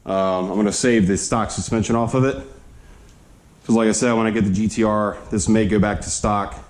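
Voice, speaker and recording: In a garage with a head-mounted camera, a man installs car suspension while narrating casually, a bit out of breath. His voice is fairly low with fairly even intonation, and he takes it slow, explaining each step to himself as he works.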